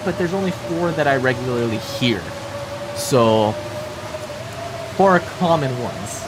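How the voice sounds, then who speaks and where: Over steady background noise, an American streamer in a survival game speaks slowly in a medium pitch, pausing often. He chats casually, swears, and responds to his chat during the livestream.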